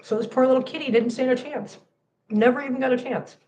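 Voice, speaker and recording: A woman's voice: sits high, fairly even intonation, fast, mellow, a little hiss or hum. A woman hosting a cat channel livestream, tearful and talking to viewers in an emphatic, impassioned way that repeats phrases.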